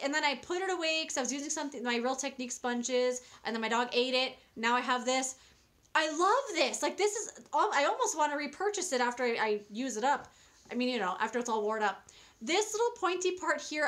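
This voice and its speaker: Chatty young woman with a high voice. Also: fairly bright tone. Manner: chatty and enthusiastic, with many fillers and restarts. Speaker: beauty vlogger. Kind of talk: casual product review.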